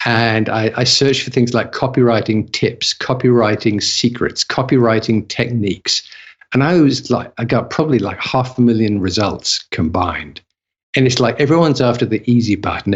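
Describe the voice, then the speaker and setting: A man's voice: mid-range voice, husky. A man giving an interview as a copywriting guest, chatty and casual, often restarting and repeating words mid-sentence. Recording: slightly dull lo-fi audio.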